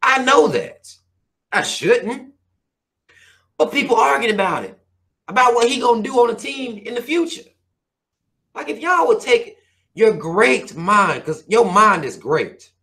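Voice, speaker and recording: A man's voice: very high voice, lively intonation, a little slow, long pauses, bright, forceful tone. A man hosting his own channel, reading viewer comments and ranting in a heated, profane, preachy way. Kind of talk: casual rant to viewers.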